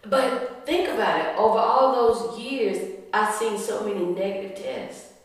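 Woman, animated storyteller, roomy echo, set back from the mic. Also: medium pitch, unhurried, recorded from a distance. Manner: animated storyteller, acts out quotes, laughs often. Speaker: guest. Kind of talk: storytelling interview chat. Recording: echoey room, voice from the mic.

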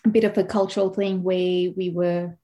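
A woman from Kenya with a modified Australian accent, a speech and language pathologist speaking as a guest in a relaxed interview, thoughtful and full of pauses. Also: fairly low pitch. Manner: thoughtful, many fillers and pauses. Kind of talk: casual interview conversation.

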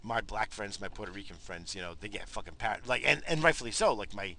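A man's voice: fairly low pitch, animated, quick pace, gravelly, bright, forceful tone. Profane laid-back man talking in his car. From New York. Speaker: vlogger. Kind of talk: casual rambling monologue. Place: parked car.

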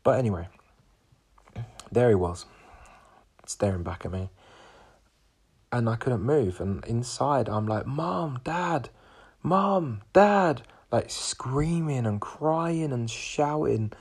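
A man's voice: medium pitch, slow, pauses often, darkish tone, breathy edge. A man in his twenties hosting a podcast, telling a personal story in a rambling way full of fillers and restarts. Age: 20s. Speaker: podcast host.

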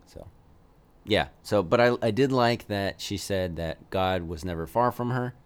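A man's voice: on the low side, a little slow, smooth. A man co-hosting a casual chat about a movie, rambling with lots of fillers and frequent laughs. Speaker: podcast co-host.

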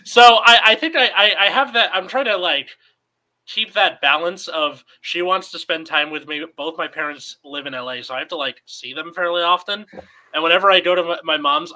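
A man's voice: on the high side, pushed and bright, rough recording. A man telling stories in casual podcast chat, hesitant with many restarts.

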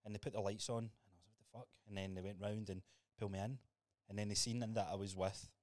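Fast-talking young Scottish guy. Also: fairly low pitch, fairly even intonation, a little mellow, no echo. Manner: storytelling, sweary, laughs often. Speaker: podcast co-host. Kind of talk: casual chat.

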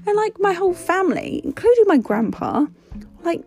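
A young woman hosting a podcast, telling a story in a candid, casual way, with swearing and an animated lift when she retells what was said. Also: very high-pitched, normal speed, vocal fry, faint music behind. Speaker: podcast host.

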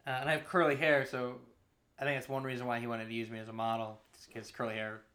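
A man's voice: mid-range voice, flat delivery, quick pace, pushed and bright. A man in his late twenties co-hosting a casual podcast chat, telling a rambling story with lots of fillers and swearing. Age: late 20s. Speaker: podcast co-host.

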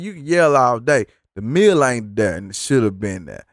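A man's voice: medium pitch, expressive, moderate pace, hardly any pauses, dry recording, studio quality. A man telling a story as a casual rant, profane, exasperated and rambling.

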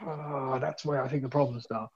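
A man's voice: mid-range voice, steady tone, moderate pace, slightly rough. A man hosting a podcast, reflective and talking in restarts. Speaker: podcast host. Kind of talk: casual conversation. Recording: dull, slightly lo-fi sound.

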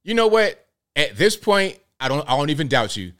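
A male host of a live commentary show, talking in an animated way and firing off rhetorical questions. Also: on the high side, normal speed.

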